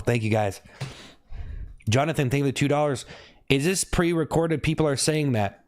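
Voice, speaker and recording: A man talking casually on a live stream, thanking viewers by name and asking if he looks upset, with sudden high whoops. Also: expressive, moderate pace, pauses often, darkish tone. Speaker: livestreamer.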